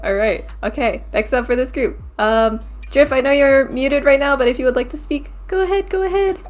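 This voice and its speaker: A woman's voice: sits high, fairly quick. A woman hosting a casual group discussion over a voice call, upbeat, laughing often as she calls on each speaker. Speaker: host of a group episode discussion.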